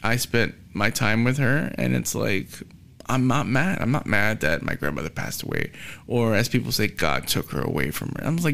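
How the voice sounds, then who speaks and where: A man talking casually about his faith in a calm, matter-of-fact way. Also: mid-range voice, normal speed, creaky.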